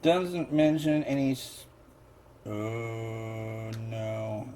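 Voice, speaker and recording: Rambling, slow-talking man in a noisy kitchen. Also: lowish voice, fairly even intonation. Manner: rambling, chatty, wry asides. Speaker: host. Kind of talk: casual cooking vlog chat. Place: home kitchen. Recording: noisy kitchen with clicks and crinkling.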